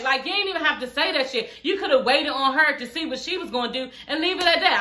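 A woman's voice: sits high, expressive, brisk, few pauses, sharp tone, roomy sound, slight background noise. A young woman, blunt and profane, recapping a reality show in a casual, sassy chat. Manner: sassy, blunt and profane, laughing through the retelling.

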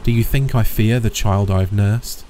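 A man's voice: on the low side, fairly even intonation, unhurried, dark tone, slight background noise, natural voice, rough recording. A man voicing a frantic, grieving old woman who pleads hysterically. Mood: feverish.

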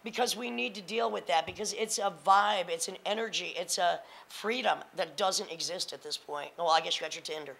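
A woman in her fifties with a gravelly, fry-laden voice and a hard, forceful edge. She talks bluntly and confrontationally, punching her points with profanity as a panelist in front of an audience. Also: on the low side, fairly quick, hardly any pauses, poor audio. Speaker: panelist and spoken word performer. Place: lecture hall panel with audience.

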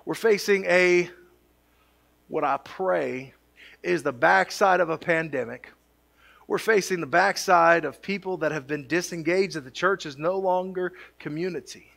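A man's voice: sits high, measured pace, vocal fry, fairly bright tone. A male pastor preaching a sermon in a church, mixing jokey asides with rising, emphatic build-ups. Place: church sanctuary.

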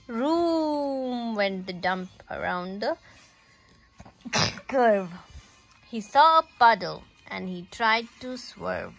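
A woman reads a picture book aloud to her child, making the animal sounds as she goes. Her voice sits a little high and she takes it very slowly, with faint music playing underneath. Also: sing-song, gravelly, fairly bright tone. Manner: slow, sing-song, with animal sounds. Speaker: parent reading to a child.

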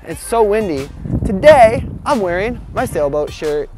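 Man, kids' show host, bubbly and goofy, pitch swooping up and down, outdoors, music underneath. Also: normal speed. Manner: bubbly, goofy and animated, talks to viewers directly. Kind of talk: kids' educational show presenting. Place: outdoors in a windy field.

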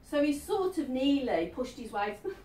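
A woman in her fifties, a medium speaking to a live audience in a chatty, animated way, often checking that her listener follows. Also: sits high, normal speed, a little hiss or hum. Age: 50s. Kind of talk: live stage reading to an audience. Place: event hall. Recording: echoey hall, distant mic.

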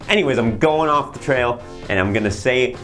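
A man's voice: medium pitch, normal speed, a bit bright, soft background music. A man hosting a comedic infomercial, rambling through his sales patter with fillers and restarts. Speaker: infomercial host.

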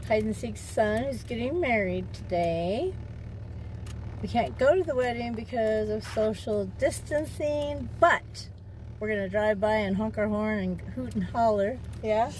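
A woman's voice: medium pitch, dark tone, slight background noise. A mother chatting playfully and upbeat in a casual family vlog, recorded in a parked car. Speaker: vlogger and mother.

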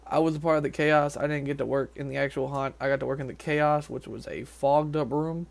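A man's voice: fairly high pitch, fairly even intonation, gravelly. A young man from Tennessee, talking casually to camera outdoors in a rambling vlog style. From Nashville, Tennessee. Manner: rambling, quick, with fillers and restarts. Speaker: vlogger, haunted house actor.

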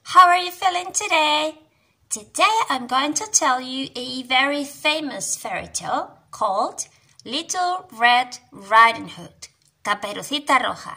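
A young woman tells a children's storybook, swinging into whispers and gasps. Her voice is high and bright, with a husky, gravelly edge, and she takes it slowly. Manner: animated, gasping, dropping to whispers. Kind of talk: reading a children's storybook aloud.

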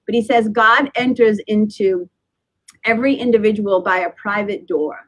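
A woman in her fifties speaks at a normal pace in a mid-range voice, captured on a rough recording. She's a spiritual teacher appearing as a guest on a podcast interview, earnest and reflective, frequently laughing and starting her phrases over.

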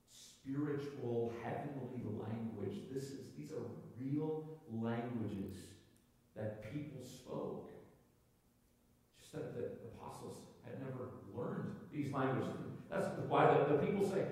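A man's voice: a little slow, a little mellow. A man preaching a sermon as pastor, conversational, with frequent restarts, sometimes raising his voice to act out a crowd. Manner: acts out crowd voices with raised pitch. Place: church sanctuary. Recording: echoey hall, from far off.

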